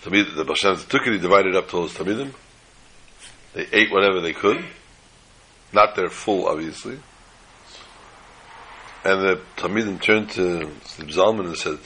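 A man telling a folk story in an animated way, slipping in Yiddish phrases. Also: deep voice, moderate pace, long pauses, slight background noise, low-quality recording.

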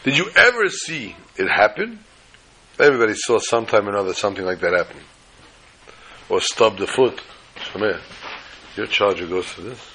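Rabbi giving a torah class, bright voice, gets loud and animated, acts out the stories. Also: male voice, fairly low pitch, normal speed, long pauses, husky. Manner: animated, acts out quotes, rising to loud exclamations. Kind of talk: Torah lesson with told stories.

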